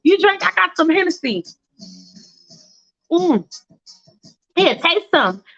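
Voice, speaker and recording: A woman's voice: very high voice, sing-song, slow pace, a bit bright, muffled recording, soft background music, pitched above the performer's own voice, heavily acted. Woman playing a brash, feisty roommate girl. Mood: sassy. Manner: sassy, blunt, slangy, swearing.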